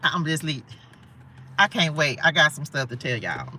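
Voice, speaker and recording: A woman's voice: deep voice, sing-song, normal speed, pushed and bright, slightly rough. A woman giving a live tarot reading, chatty and playful, talking straight to her viewers and laughing often. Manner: laughs often, asides to spirits. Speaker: spiritual tarot reader. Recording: voice a bit far from the mic.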